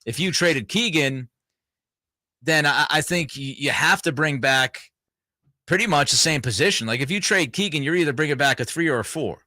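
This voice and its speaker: Male radio co-host, bright and animated, rambling casual delivery, dry studio. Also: fairly high pitch, moderate pace, no echo. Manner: rambling, filler-heavy, restarts. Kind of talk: casual sports talk.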